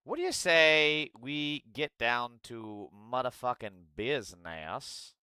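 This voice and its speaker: A profane, sarcastic man rants on his livestream into a close mic. His voice is bright and clear, with a wildly swinging pitch. The sound is dry, with no room around it. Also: very animated, slow, dry recording. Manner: profane, sarcastic, yelling outbursts. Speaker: livestream host. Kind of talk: ranting livestream commentary.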